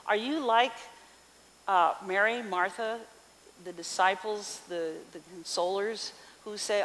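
A woman pastor reading scripture and preaching a sermon in an expressive voice, asking the congregation questions. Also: mid-range voice, takes it slowly. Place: church sanctuary. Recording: reverberant hall with faint hiss.

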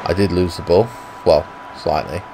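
A British man mutters and swears his way through live commentary on his own football video game. His voice sits a little low, and he talks to himself between moves. A steady noise hums clearly behind him. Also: normal speed. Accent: British English. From Britain. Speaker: gaming YouTuber.

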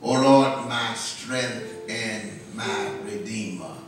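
A man's voice: lowish voice, extremely slow. A man, a pastor, preaching a sermon and leading the congregation in call-and-response. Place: church sanctuary. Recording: echoey church from a distance.

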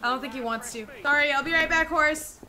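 A young woman streaming a video game, reacting excitably with squeals and shouts. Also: sits high, a little fast. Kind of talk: live game-stream commentary.

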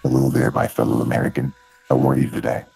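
A man voicing a fork-faced thief in a VR role-play, who poses as a politician and delivers smooth campaign speeches. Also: very deep voice, flat delivery, quick pace, dark tone, soft background music, exaggerated voice. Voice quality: gravelly.

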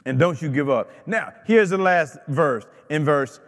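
A man preaches with a fervent, repetitive cadence, his voice sitting a little higher than most. He takes his time over each phrase. The sound carries the long ring of a church hall. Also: animated, a little slow. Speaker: pastor. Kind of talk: sermon. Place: church sanctuary.

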